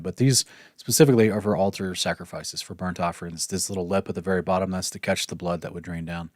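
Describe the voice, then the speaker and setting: Male Bible teacher, low voice, dry close sound, loose conversational delivery with frequent restarts. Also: steady tone, quick pace, darkish tone, no room sound. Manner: conversational, thinks aloud with restarts and apologies. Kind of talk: casual Bible study lesson.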